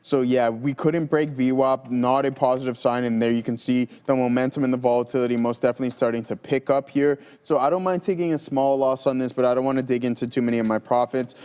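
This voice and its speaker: A man with a mid-range voice co-hosting live trading commentary. He walks through his trades in a relaxed, explanatory tone with everyday fillers. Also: mid-range voice, fast talker, hardly any pauses, clear, resonant tone. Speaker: co-host trader.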